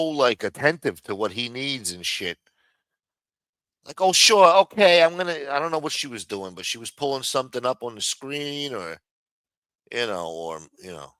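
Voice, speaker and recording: A man rants on a livestream with a bright, forceful voice, swearing nonstop and getting worked up. The sound is dry and close, with no room around it. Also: lowish voice, dry recording. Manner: heated, swears constantly, mocks others in raised voices. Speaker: livestream commentator. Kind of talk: casual profane rant.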